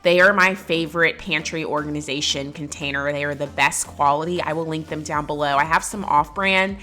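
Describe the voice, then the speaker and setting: A woman's voice: deep voice, steady tone, a little fast, bright, forceful tone. A young woman vlogging at home, chatting casually in an upbeat way as she narrates her pantry clean-out and opens a box of dog toys. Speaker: lifestyle vlogger.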